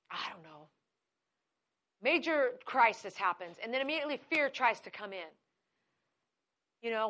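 A middle-aged woman preaching with fervent conviction, her delivery rising into firm, declarative prayer. Her voice sits a little high and sounds bright and forceful. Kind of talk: sermon.

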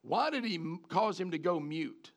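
A man preaching a sermon in an animated way, repeating words and asking the congregation questions. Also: fairly high pitch, moderate pace.

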